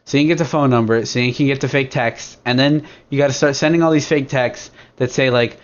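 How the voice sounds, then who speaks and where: A man's voice: medium pitch, steady tone, a little fast. A young man hosting a casual podcast, rambling and crude, full of fillers and restarts as he walks through something step by step. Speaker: podcast host. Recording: dull lo-fi recording.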